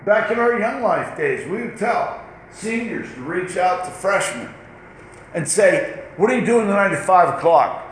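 A man preaching with a lively, swooping voice that sits a little high. He talks in a conversational way and slips into short acted exchanges. The room around him is echoey, with a faint hum of ambience. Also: measured pace. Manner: animated, conversational, acts out little dialogues. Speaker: pastor. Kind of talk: sermon.

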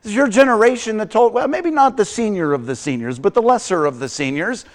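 A middle-aged man preaching a sermon as pastor, animated and humorous, acting out quotes as he tells stories. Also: high-pitched, a little fast.

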